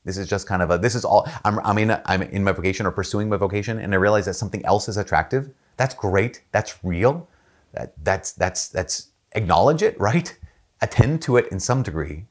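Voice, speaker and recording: A man speaking as a Catholic priest in a casual faith talk, telling stories in a chatty way and raising his voice to act out the people he quotes. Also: fairly quick. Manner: storytelling, jumps up in pitch to act out quoted people; relaxed, chatty, with frequent fillers and restarts.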